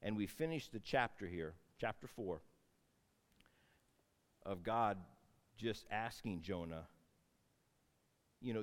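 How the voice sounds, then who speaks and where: A man preaching a sermon, telling a Bible story with animated swings between loud outbursts and hushed asides. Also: fairly low pitch, slow, long pauses, long reverb tail. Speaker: pastor.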